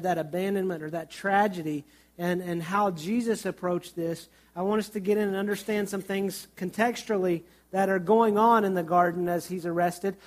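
A middle-aged man, a pastor, preaching a sermon and telling funny childhood stories. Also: high voice. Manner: storytelling with humor and vivid childhood anecdotes.

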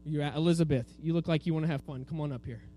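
A man's voice: on the high side, very fast, dark tone, soft background music. A man teaching a children's Bible lesson, telling the story with energy and asking the kids to repeat words after him. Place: room with a group of children.

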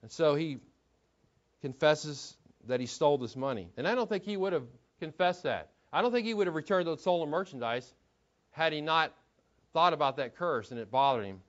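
A man's voice: a little high, expressive, moderate pace. A man preaching an expository sermon in a conversational way, asking the listeners rhetorical questions. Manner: conversational, asks rhetorical questions, repeats words while thinking. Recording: dull lo-fi recording.

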